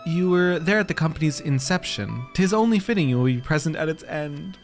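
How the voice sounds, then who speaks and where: A man's voice: on the high side, lively intonation, a little fast, soft background music. A man reading aloud the lines of an earnest young male noble commander in a fantasy game, with formal old-fashioned phrasing.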